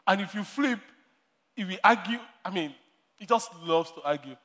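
High-voiced man preaching in a reverberant hall. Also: lively intonation, moderate pace, pushed and bright. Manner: storytelling with laughter, repeats key lines. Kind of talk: sermon.

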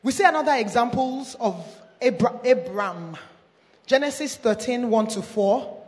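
A woman's voice: on the high side, lively intonation, darkish tone. Woman preaching a sermon in a reverberant hall. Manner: reads scripture aloud with stumbles, then slows down to stress key points. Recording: long reverb of a large hall.

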